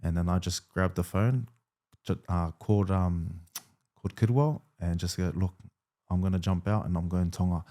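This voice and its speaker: Rugby league player guest, 30s man, deep voice, easygoing storytelling with fillers. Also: moderate pace. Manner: relaxed, lots of fillers and quoted dialogue. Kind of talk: casual storytelling interview.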